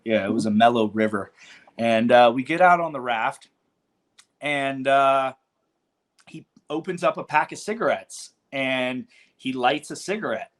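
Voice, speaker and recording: A relaxed man in his forties, from California, spins long stories as a podcast guest. He talks loosely in slang, swears casually and fills pauses with ums, at an ordinary mid pitch. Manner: laid-back, slangy, swears freely, many ums. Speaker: podcast guest, cannabis business founder. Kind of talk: casual storytelling interview.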